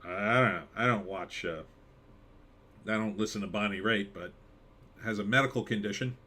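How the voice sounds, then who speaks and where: A man's voice: on the low side, moderate pace, pushed and bright. Sarcastic man hosting a live stream. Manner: sarcastic, jumps into mocking skits and pirate voices. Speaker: live stream host reading chat. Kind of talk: casual live stream commentary.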